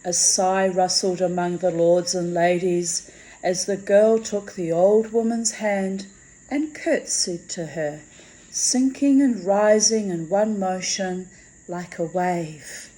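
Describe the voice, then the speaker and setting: A woman reading a fantasy story aloud in a measured, expressive way. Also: lowish voice, rough recording. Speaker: reader.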